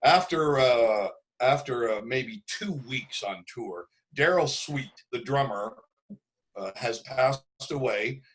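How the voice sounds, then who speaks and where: An older man from Canada sits in as a guest, telling stories in a loose, lively way. His voice sits at a middling pitch, and he acts out the voices of the people he quotes. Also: slow, poor audio. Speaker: guest drummer. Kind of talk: casual interview storytelling.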